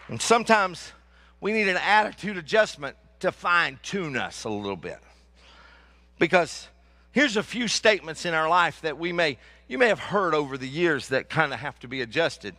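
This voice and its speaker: A male pastor preaching a sermon, animated and joking, repeating lines for emphasis. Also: on the high side, normal speed.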